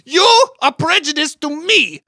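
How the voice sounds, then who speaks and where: A woman voicing a sleazy villainous adult male rival brother with a hammy put-on Italian accent, shrill and defiant. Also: big pitch swings, measured pace, bright, forceful tone, no room sound, studio quality, exaggerated voice. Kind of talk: improvised podcast parody.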